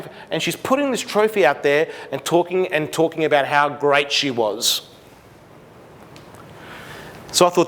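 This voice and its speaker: A middle-aged Australian man giving an animated seminar talk to parents, acting out conversations with his daughter. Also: on the high side, normal speed, few pauses, a little hiss or hum. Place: large school hall. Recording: long hall reverb.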